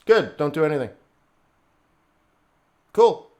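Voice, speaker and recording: Blunt, high-voiced man coaching traders. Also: sing-song, slow pace, a little mellow, muffled recording. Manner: blunt, conversational, answers chat viewers by name. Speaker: forex trading livestream host. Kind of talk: live trading stream commentary.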